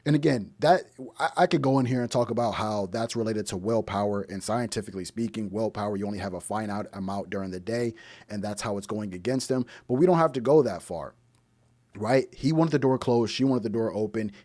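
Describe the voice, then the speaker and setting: A man's voice: lowish voice, fairly quick, a little mellow, no echo. Blunt man lecturing with rhetorical questions. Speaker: relationship commentary host. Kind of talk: reaction commentary on a clip.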